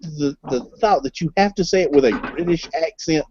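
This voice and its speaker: A man's voice: fairly high pitch, fairly quick, darkish tone, slight background noise. A man on a casual group call, asking playful questions and laughing along. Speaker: chat panelist. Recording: dry, dull online call audio.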